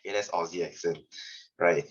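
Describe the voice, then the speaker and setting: A man's voice: low voice, fairly even intonation, moderate pace, breathy edge. A young man with a Malaysian English accent, teaching a casual online science lesson and rambling off-topic with frequent laughter. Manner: chatty, rambling, laughs often. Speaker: science tutor. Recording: slightly dull lo-fi audio.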